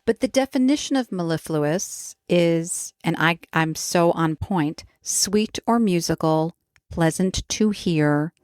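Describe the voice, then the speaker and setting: A woman co-hosts a podcast in a very low voice, talking slowly and calmly. She is wry and enjoys reaching for fancy words. The sound is dry, with no room echo. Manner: unhurried, wry, fond of big words. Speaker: podcast co-host. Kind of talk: casual chat.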